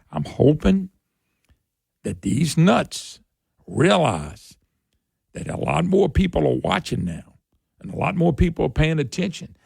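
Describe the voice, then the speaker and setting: A man's voice: on the high side, creaky, slightly rough, dry recording. A middle-aged man, hosting talk radio in an opinionated political monologue. He talks in a fiery, emphatic way, repeats his points and climbs sharply when worked up.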